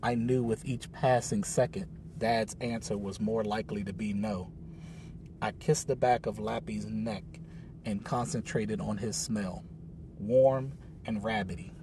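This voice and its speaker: A man narrating a children's story in a calm, unhurried audiobook reading. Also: on the low side, noisy background.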